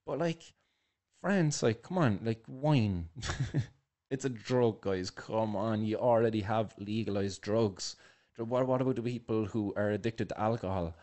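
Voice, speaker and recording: A young man hosting a podcast, giving casual, sarcastic commentary in a halting way with many fillers and restarts. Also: lowish voice, dark tone. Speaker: podcast host.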